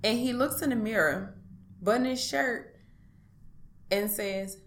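A woman speaking in an interview, giving a personal account in a halting, hesitant way with many pauses and restarts. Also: on the high side, slight background noise. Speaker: interview guest.

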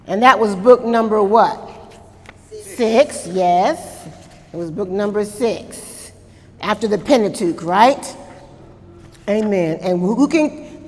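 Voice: medium pitch, in a large hall. A Bible study teacher leading a church class, asking the group questions, answering them, and adding frequent amens.

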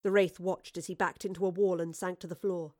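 A woman's voice: fairly low pitch, fairly even intonation, fairly quick, warm tone. A woman narrating a story aloud, voicing all the characters herself.

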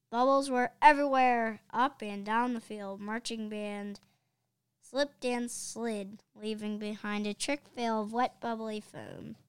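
A woman reading a children's chapter book aloud in a lively, expressive way. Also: fairly high pitch, clean tone, no room sound. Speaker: reader.

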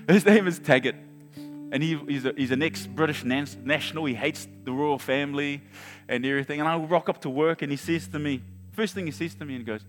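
A man in his forties preaching a sermon, telling a personal story in an animated way with chuckles and restarts. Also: a little high. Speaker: pastor. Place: large church hall. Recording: long hall reverb with faint guitar.

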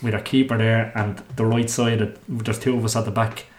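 An Irish man who is a former footballer, telling lively anecdotes in a casual chat, laughing and swearing. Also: lowish voice, brisk, slight background noise. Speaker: former footballer, podcast guest. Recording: roomy echo.

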